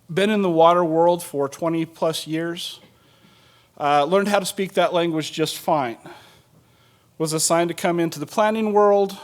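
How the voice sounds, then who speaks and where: A middle-aged man gives a conference panel talk in a relaxed, joking way, with plenty of ums and uhs. His voice sits a little high for a man. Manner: casual and joking, with many fillers. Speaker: state water agency planner presenting at a conference.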